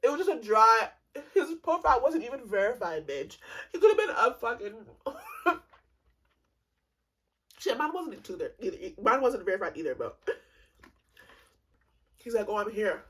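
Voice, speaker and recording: A woman in her twenties telling a comedic storytime, animated and swearing freely, laughing often. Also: on the high side, normal speed, pauses often, husky, rough recording. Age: 20s. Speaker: vlogger.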